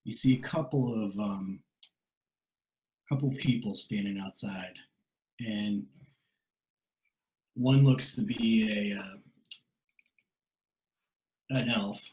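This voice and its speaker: Lowish male game master, halting narration, roomy room sound. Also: a little mellow. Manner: hesitant, filler-heavy narration. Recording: roomy echo.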